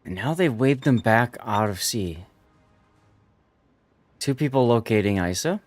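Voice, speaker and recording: A man's voice: medium pitch, animated, measured pace, no room sound, faint music behind. Man explaining tactics on a live stream. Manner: explanatory, walks viewers through tactics. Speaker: streamer and tournament commentator. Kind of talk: live game commentary.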